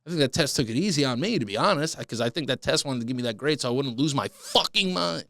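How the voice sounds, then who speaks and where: Animated, cursing male podcast host. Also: medium pitch, quick pace, dry recording. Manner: animated, swearing, self-mocking. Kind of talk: casual solo podcast monologue.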